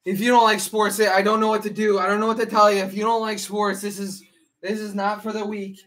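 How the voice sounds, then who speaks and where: A man streaming a live hockey watch-along, anxious and excitable, repeating the same phrases over and over. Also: high voice, fairly quick, poor audio. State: out of breath. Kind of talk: live reaction commentary.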